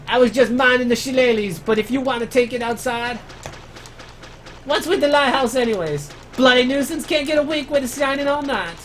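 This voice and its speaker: A man voicing a cranky, quarrelsome male dolphin in a put-on Australian accent, full of rough slang. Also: extremely high pitch, a little fast, a bit bright, a little hiss or hum, voice pushed up. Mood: grumpy.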